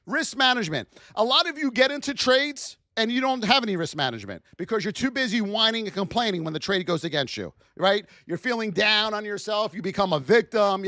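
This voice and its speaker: A man hosting a live trading lesson, firing rhetorical questions at his chat in a high-energy, hype-driven way. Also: animated, fairly quick, few pauses, sharp tone, no room sound, studio quality. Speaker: trading educator hosting a livestream.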